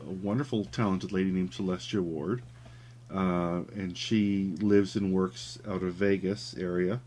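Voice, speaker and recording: A man's voice: deep voice, a little mellow. A man telling a story in a casual, rambling way while he draws, with many fillers. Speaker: caricature artist streaming his drawing. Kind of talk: casual chat while drawing.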